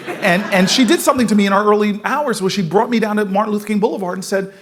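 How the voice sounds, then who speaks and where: A man in his forties from the United States giving an energetic storytelling speech at a forum, laughing often as he moves around the room. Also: high voice, brisk. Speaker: political speaker at a forum.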